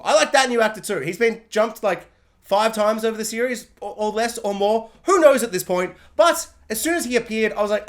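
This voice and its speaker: Animated woman reviewer, lively pitch. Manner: animated, joking, acts out characters in quick voices. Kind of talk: casual spoiler review.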